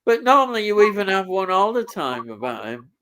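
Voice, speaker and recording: A man's voice: high-pitched, sing-song, fairly quick, a bit bright. A man co-hosting a live stream, reading viewer comments in an easygoing way and laughing often. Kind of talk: casual live stream chat.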